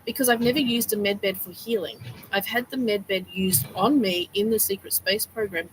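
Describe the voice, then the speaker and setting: A woman's voice: mid-range voice, normal speed. Middle-aged woman, casual livestream chat, rambling, frequent laughs, faint background noise. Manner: rambling, laughs often, animated retelling. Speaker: livestream host.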